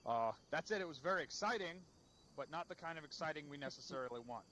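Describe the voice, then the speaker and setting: A man's voice: a little high, expressive, fast talker, sharp tone, a little hiss or hum. A man leading a game unit's after-action debrief, blunt and profane as he scolds. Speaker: unit leader.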